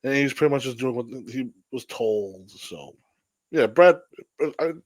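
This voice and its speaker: A male co-host chats casually on a podcast, hesitating and circling back as he remembers details. His voice is ordinary in pitch and recorded dry and close. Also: lively intonation, normal speed, no echo. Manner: hesitant, rambling with restarts. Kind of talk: casual chat.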